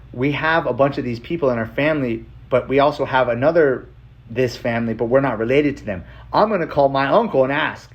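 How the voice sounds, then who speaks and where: A man casually telling a personal story, animated and profane, acting out the voices of the people in it. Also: medium pitch, lo-fi sound. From Apache reservation, US Southwest. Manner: animated, profane, acts out other people's lines.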